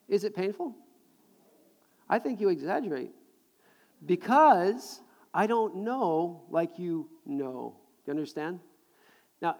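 A middle-aged man preaching a sermon to a live congregation, animated and jokey, repeating words as he builds a point. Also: high-pitched. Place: large hall with audience. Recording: long hall reverb.

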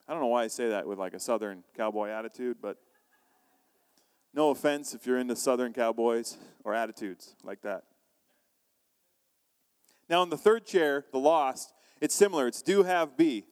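A man preaching a sermon as pastor, animated, acting out quoted voices and asking the congregation questions. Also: mid-range voice, moderate pace, pauses often, smooth, long reverb tail.

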